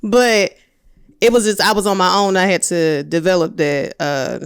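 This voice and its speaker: Female podcast guest, smooth clear voice, dry close sound, frank and self-mocking. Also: on the low side, fairly even intonation, normal speed, no room sound. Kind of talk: casual chat.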